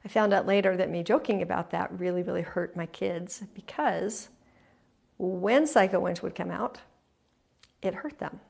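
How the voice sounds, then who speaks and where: Earnest gravelly-voiced woman host. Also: on the low side, normal speed. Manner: earnest and confessional, drops to a soft hush. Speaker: podcast host. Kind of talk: heartfelt personal talk to listeners.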